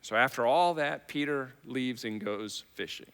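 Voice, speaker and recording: A man's voice: medium pitch, a little slow, fairly bright tone, smooth. A man preaching a sermon in a conversational way, acting out the quoted lines with rising force. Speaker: pastor. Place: church hall. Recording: long church hall reverb.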